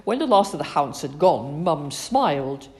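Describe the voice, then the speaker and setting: A woman reading a children's story aloud in an expressive, animated way. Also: low voice, normal speed.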